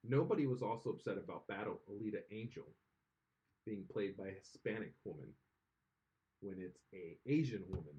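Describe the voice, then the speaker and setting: A man's voice: fairly low pitch, expressive, moderate pace, warm tone, lo-fi sound. A man co-hosting a casual podcast chat, rambling and opinionated, full of restarts. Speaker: podcast co-host.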